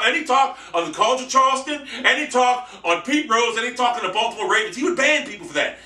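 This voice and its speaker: A man ranting brashly and profanely in a monologue vlog, boasting loudly. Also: high-pitched, recorded from a distance. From United States. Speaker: vlogger. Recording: echoey room, off-mic.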